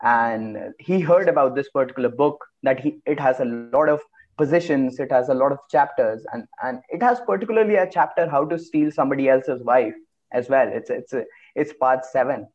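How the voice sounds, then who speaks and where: A man's voice: mid-range voice, highs cut off. A man from India, a podcast guest on a video call, talking in a casual, joking way and laughing often. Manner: laughing, joking, quick excitable bursts.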